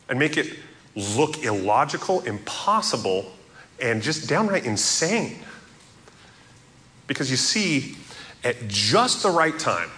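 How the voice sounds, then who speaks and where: A man preaching an earnest sermon as a pastor, stressing quoted scripture slowly and emphatically. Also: medium pitch, pushed and bright.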